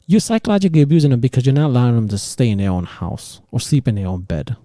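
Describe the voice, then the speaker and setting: A man's voice: mid-range voice, very animated, fast talker, hardly any pauses, dark tone, no echo, clean studio sound. A man hosting a podcast, ranting heatedly and profanely about relationships, mocking others in quoted voices. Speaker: podcast host. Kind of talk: casual opinion rant.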